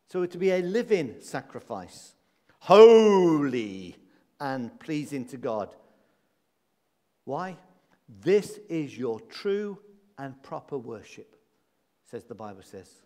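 Man, sermon, high-pitched voice, emphatic, long church reverb. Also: darkish tone. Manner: emphatic, repeats key words, asks rhetorical questions. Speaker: preacher. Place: church hall.

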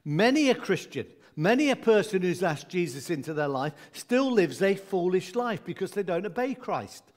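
A preacher delivers a sermon in a fairly high, light male voice. He's very animated yet friendly and unhurried, keeping things conversational and humorous with frequent asides.

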